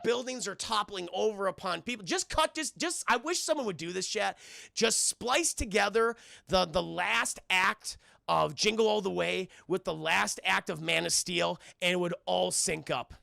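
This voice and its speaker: A man's voice: sits high, moderate pace, creaky, bright, forceful tone, no room sound, studio quality. A young man streaming a casual film recap, swearing freely and rambling as he keeps talking to his live chat.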